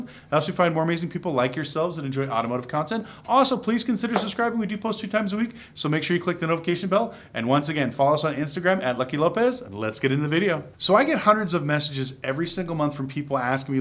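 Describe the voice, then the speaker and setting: Man, fairly high voice, blunt channel host who acts out customer calls. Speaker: car sales consultant and channel host. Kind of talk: casual talk to camera.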